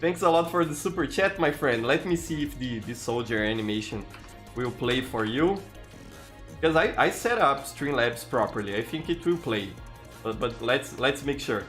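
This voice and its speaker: A man's voice: medium pitch, moderate pace, faint music behind. A tired man from Brazil with a Brazilian accent, chatting casually as a live streamer and greeting viewers by name. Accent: Brazilian Portuguese. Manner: greets viewers by name, frequent restarts, relaxed.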